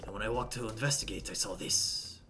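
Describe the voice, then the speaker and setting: A woman's voice: very deep voice, brisk, pushed and bright, slight background noise, voice pushed down. Woman putting on a pompous vain jet-setter man. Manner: obnoxious, affected vaguely French put-on accent. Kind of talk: voicing characters in a visual novel stream.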